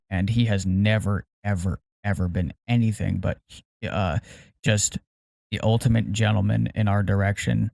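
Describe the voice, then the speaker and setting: A man's voice: fairly low pitch, vocal fry, a little mellow, no room sound, clean studio sound. A middle-aged man co-hosting a podcast, speaking carefully and hesitantly, often repeating words as he picks them. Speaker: podcast co-host. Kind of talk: casual podcast chat.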